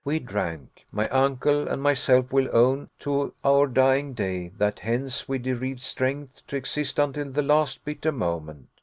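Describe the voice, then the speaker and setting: Man narrating an audiobook, measured. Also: medium pitch, expressive, no echo, studio quality. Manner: measured, formal reading.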